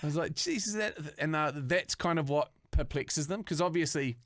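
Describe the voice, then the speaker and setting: A man's voice: on the high side, normal speed, no echo, studio quality. A man in his thirties with a New Zealand accent, telling a story on a podcast in casual chat and swearing freely. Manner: animated, acts out voices in stories, swears freely. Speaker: podcast co-host.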